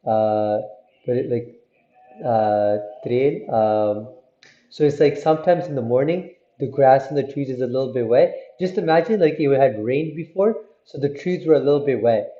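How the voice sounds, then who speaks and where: A man telling a religious story to children, lively and often asking his listeners questions. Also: medium pitch, normal speed. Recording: muffled, roomy recording.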